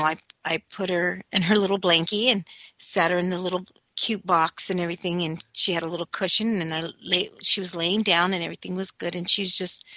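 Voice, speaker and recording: A woman with a bright, clear voice tells a story in an earnest, rambling way, circling back and repeating herself. She is heard up close in a dry, dead sound. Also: on the low side, no room sound, low-quality recording. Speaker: psychic medium co-host. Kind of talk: emotional personal storytelling.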